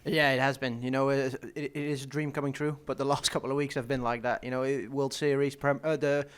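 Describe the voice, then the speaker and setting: Fast-talking young man, halting answers. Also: medium pitch, little pitch movement, smooth. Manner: halting, restarts words, laughs often. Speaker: professional darts player. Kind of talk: casual interview answers. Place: stadium media day.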